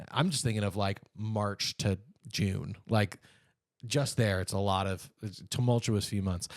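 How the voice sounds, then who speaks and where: A man co-hosting a podcast, chatting casually and cracking quick jokes. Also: lowish voice, a little mellow, dry recording, clean studio sound. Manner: chatty, joking, quick asides. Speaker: podcast co-host. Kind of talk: casual chat.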